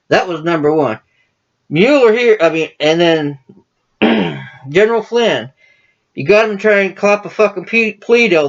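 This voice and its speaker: A man's voice: high-pitched, muffled recording. A man hosting his own political commentary channel, ranting casually to camera in a profane, combative, heated way.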